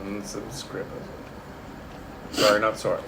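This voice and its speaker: A man's voice: fairly low pitch, fairly even intonation, a little slow, vocal fry, background noise. A man co-hosting a casual whiskey tasting, swearing freely and cracking teasing jokes.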